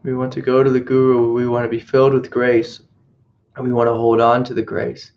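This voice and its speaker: A male spiritual teacher gives a reflective teaching talk, telling a story and circling back over his own phrases. His voice is very flat and even in pitch. The audio is muffled and lo-fi, like an old webcast. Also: a little fast.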